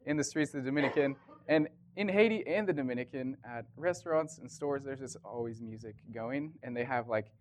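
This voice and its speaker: A man's voice: mid-range voice, normal speed. Man casually telling a mission story. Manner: animated, laughing, quoting people in conversation. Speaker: mission trip member.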